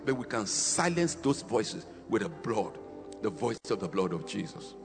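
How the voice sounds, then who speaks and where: Man, preacher, fiery sermon, gravelly, animated pitch, faint music behind. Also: normal speed, big-room sound. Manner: fiery preaching that swings between shouts and quiet stretches.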